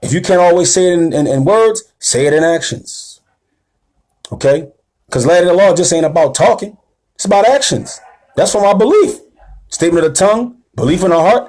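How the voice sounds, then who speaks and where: This man's voice sits high and is expressive, moving at a fairly quick clip. As a religious teacher giving a sermon-like lecture, he uses emphatic slang and keeps checking in with the audience, building to a louder, rising, rousing call to action.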